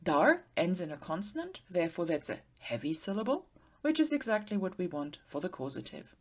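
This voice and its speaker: A woman with a fairly low voice gives a patient grammar lecture. Her intonation is animated, rising and falling a lot. She slows right down to spell out word forms syllable by syllable. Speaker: Sanskrit teacher.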